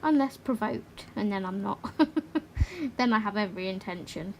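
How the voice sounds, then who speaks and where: A woman's voice: medium pitch, lively intonation, a little hiss or hum. A woman hosting a colouring livestream, chatting casually and rambling a little as she works. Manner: chatty and rambling, quick to laugh. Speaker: livestream host. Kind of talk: casual chat while colouring.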